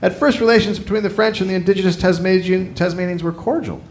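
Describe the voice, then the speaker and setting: A man's voice: high voice, fairly even intonation, fast talker, slight background noise. A man hosting a live comedy podcast, reading a history story from notes with crude jokes and laughter. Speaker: podcast host telling the story.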